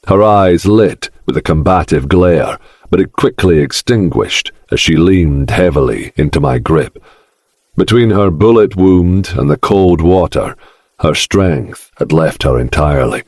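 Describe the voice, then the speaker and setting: Very deep, slow, husky male narrator. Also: no echo, clean studio sound. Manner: slow, brooding, dark delivery. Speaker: audiobook narrator. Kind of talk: first-person romance audiobook narration.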